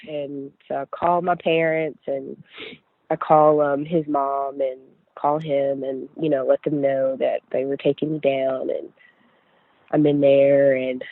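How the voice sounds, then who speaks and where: A woman's voice: extremely low pitch, level tone, a little slow, no room sound. A young woman from West Virginia, a podcast guest, telling her personal story in a chatty way full of "like" and "you know". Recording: tinny phone-line audio.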